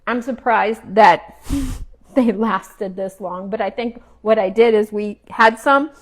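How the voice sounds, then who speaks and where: A woman's voice: medium pitch, slow. A woman chatting casually while she cooks in her home kitchen, talking as she works and sometimes chewing. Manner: chatty, relaxed, talks while cooking and chewing. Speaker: cooking vlogger.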